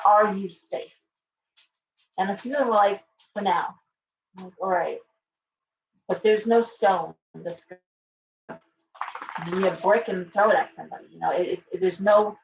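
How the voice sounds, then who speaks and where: Chatty woman in a roomy, lo-fi room. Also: mid-range voice. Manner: rambling, chatty, greets viewers by name. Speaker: shop owner and live show host. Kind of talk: casual live-stream chat. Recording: roomy, distant, dull lo-fi sound with faint hum.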